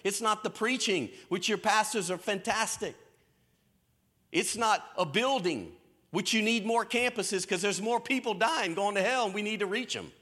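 A man preaching a sermon in a lively storytelling way, with folksy Southern phrasing. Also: high voice, normal speed. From American South. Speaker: pastor. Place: church stage.

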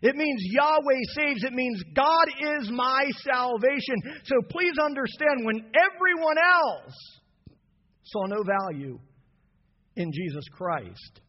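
A man preaching an impassioned sermon to his church, building from soft passages to shouted peaks. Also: very high voice, slightly rough. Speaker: pastor. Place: church sanctuary. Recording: dull lo-fi sound with long hall reverb.

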